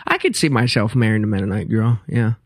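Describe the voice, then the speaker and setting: A man's voice: on the low side, expressive, quick pace, no echo, clean studio sound. A male guest comedian in a casual podcast chat, rambling through stories and laughing as he talks.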